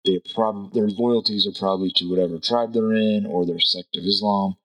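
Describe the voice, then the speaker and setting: Thinking out loud in a rambling monologue, a podcast host casually works through his opinions, tossing in "right?" along the way. He speaks at a moderate pace with fairly low pitch, fairly even intonation, and a fairly bright tone, though the recording is low quality.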